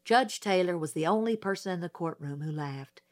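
A woman narrating a novel as an audiobook in a slow, deliberate reading. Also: on the low side.

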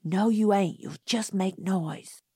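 A woman voicing a stubborn boy of about twelve in an audiobook, speaking in urgent, hushed tones. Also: medium pitch, takes it slowly, husky, no echo, studio quality. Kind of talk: audiobook character voice.

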